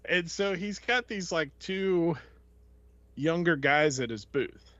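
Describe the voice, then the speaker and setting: A man co-hosting a podcast, telling a story in an animated way and laughing often. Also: on the high side, takes it slowly, no room sound, lo-fi sound. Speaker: podcast co-host. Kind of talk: casual chat.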